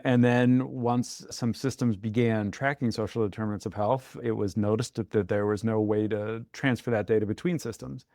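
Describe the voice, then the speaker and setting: A man appearing as a guest on an interview podcast, explaining technical points in a measured, orderly way. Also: fairly low pitch, fairly even intonation, mellow, no room sound, studio quality. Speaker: guest, software architect. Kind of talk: interview answers.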